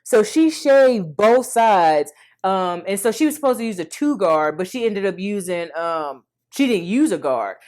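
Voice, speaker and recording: A woman in her thirties vlogging, telling an emotional personal story in a chatty, animated way and speaking to viewers as y'all. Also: mid-range voice, a little slow.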